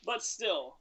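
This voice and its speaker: A man's voice: fairly bright tone, a little hiss or hum. A man co-hosting a casual podcast, rambling and joking about himself while talking games. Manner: rambling, self-deprecating joking. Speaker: podcast co-host, game commentator.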